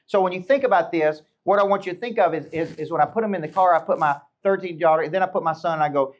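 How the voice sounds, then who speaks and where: Punchy middle-aged coach firing questions. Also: male voice, on the high side, fast, few pauses, dull audio. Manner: punchy, fires rhetorical questions at the crowd. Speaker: business coach. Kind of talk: motivational talk to a live audience.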